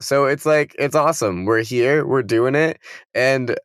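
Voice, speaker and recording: A man's voice: medium pitch, a little slow, a bit bright, clean tone, dry recording. A man co-hosting a casual film podcast, rambling and joking, laughing often, on a close mic. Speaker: podcast co-host. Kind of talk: casual chat.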